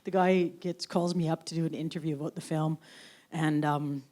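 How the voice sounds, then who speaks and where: A woman's voice: low-pitched, fairly even intonation, normal speed, mellow. A woman who is the guest author at a live onstage talk, telling wry stories casually and laughing as she goes. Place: university event stage.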